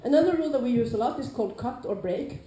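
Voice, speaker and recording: A woman with a Nordic accent giving an informal lecture to a class, lively, acting out quoted players with sudden loud calls. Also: fairly high pitch, fast talker, slight background noise. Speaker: lecturer on larp safety. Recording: echoey lecture room.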